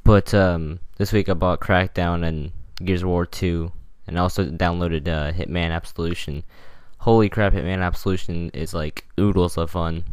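A man's voice: low-pitched, steady tone, normal speed, clean tone, no room sound. A young man casually rambling through gameplay commentary as the channel host, jokey and full of ums and restarts.

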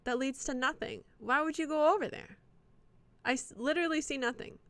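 A woman streaming live gameplay, swearing and reacting out loud to the game and chatting with viewers. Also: high-pitched, fairly quick, dry recording. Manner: profane, reactive, talks to the game and chat.

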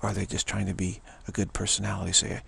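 A man's voice: deep voice, level tone, fast, vocal fry, fairly bright tone, breathy edge. A man giving an informal spiritual talk as a teacher, rambling and full of "you know" fillers. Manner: rambling, frequent 'you know' fillers.

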